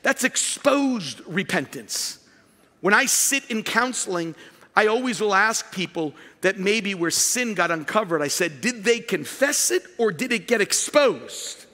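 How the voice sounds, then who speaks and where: A male pastor preaching an emphatic sermon in a large church, rising to shouts at his peaks. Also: high voice, lively intonation, measured pace, long reverb tail.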